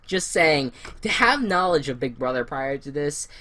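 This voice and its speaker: A young woman co-hosting a casual recap podcast, loud and animated, laughing and swearing often. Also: low voice, normal speed. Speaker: podcast co-host.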